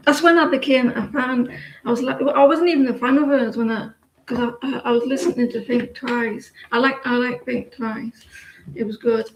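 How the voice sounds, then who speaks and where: A woman's voice: a little high, steady tone, normal speed, echoey room, slight background noise, poor audio. A woman in her forties giving a live tarot reading, rambling with lots of fillers and restarts. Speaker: tarot reader. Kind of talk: live-stream tarot reading and casual chat.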